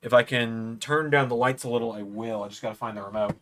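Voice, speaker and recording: A man in a home room, spinning a loose, rambling story for his watch-along viewers. His voice sits at an ordinary middle pitch. He jumps up higher whenever he acts out what other people said. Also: quick pace, a bit bright, slight background noise. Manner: rambling anecdote, acts out quoted lines in a raised voice. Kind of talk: casual storytelling.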